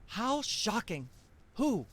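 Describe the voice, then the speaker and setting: Myra, a smug talk show host. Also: female voice, medium pitch, sing-song, drawn-out words, heavily acted. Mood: condescending. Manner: condescending, sanctimonious.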